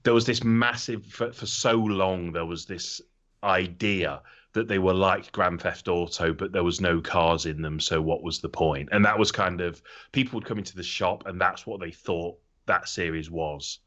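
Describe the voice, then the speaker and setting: A man co-hosting a podcast, chatting casually in a rambling, animated way and swearing freely. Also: sits low, normal speed. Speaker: podcast co-host. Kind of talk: casual chat. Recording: slightly dull lo-fi audio.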